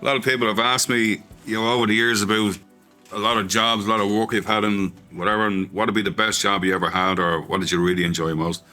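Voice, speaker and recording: A man with a very deep yet forceful, bright voice looks back on his radio years. He speaks emphatically and with firm opinions, with faint music underneath. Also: fairly even intonation, fast talker. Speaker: former radio presenter. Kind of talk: reminiscing interview.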